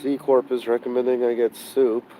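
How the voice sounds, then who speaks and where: A man's voice: mid-range voice, little pitch movement, normal speed, warm tone, a little hiss or hum, rough recording. Sick, fed-up man venting on a stream. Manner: frustrated, swearing, sighing, burnt out. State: sick, hoarse from coughing. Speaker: live streamer. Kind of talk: live-stream vlog, talking to chat. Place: outdoors beside a car at night.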